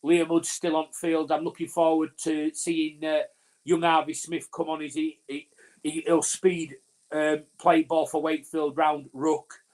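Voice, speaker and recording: A Northern English man co-hosts a live fan watch-along of a rugby league match, his commentary rambling and full of fillers and restarts as he talks over his co-host. His voice is a little high and darkish in tone, with little pitch movement and an unhurried pace.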